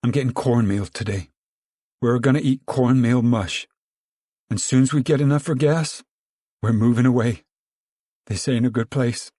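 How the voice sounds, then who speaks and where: A man's voice: medium pitch, a little slow, long pauses, dark tone, no echo, studio quality, pitched above the performer's own voice, close to an everyday voice. A man voicing an anxious older rural mother, speaking in a firm, pleading drawl.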